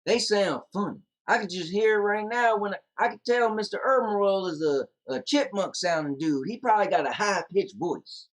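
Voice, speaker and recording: A man's voice: high-pitched, moderate pace, hardly any pauses. A man co-hosting a casual podcast, bantering in a laid-back, slangy way. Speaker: podcast co-host.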